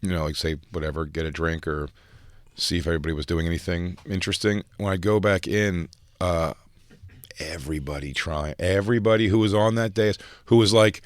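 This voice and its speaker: A man hosting a podcast in casual comedic chat, rambling and animated, with plenty of fillers. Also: low voice, fairly quick, no echo, clean studio sound. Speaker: podcast host.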